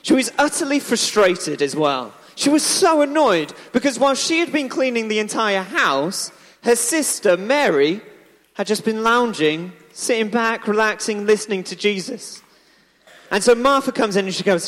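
A man's voice: high voice, expressive, moderate pace, a bit bright. A man leading a church children's talk, retelling a story in a chatty, playful way and asking the audience questions. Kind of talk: lively storytelling to a congregation. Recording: echoey hall.

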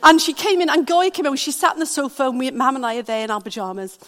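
A woman with a Welsh accent preaching a sermon, telling stories in an animated, conversational way. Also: high voice, quick pace. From Wales. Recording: long hall reverb.

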